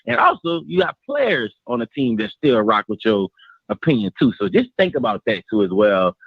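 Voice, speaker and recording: A man's voice: mid-range voice, sing-song, vocal fry, dry recording, muffled recording. A man talking earnestly on a live sports call-in show, with lots of fillers. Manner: fast, earnest, laughs often, many fillers.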